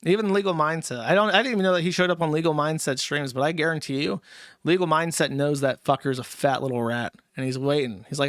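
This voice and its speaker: A man's voice: fairly even intonation, fast talker, fairly bright tone, dry recording, studio quality. Profane mocking man ranting on stream. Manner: mocking, profane, slips into squeaky put-on voices. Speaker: livestream host reading paid chat messages. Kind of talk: casual crude livestream rant.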